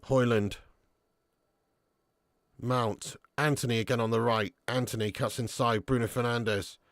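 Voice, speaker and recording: With a steady tone and a slightly slow pace, a young man hosts a live football watch-along, reading chat and commentating casually. Bursts of swearing and shouting at players fade back into low mutters, and the studio sound is clean and dry.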